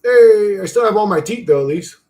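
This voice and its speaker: Tinkering at his computer with an image generator, a man on his own channel rambles casually and profanely to himself. He sounds high-pitched, animated, fairly quick, and a little mellow.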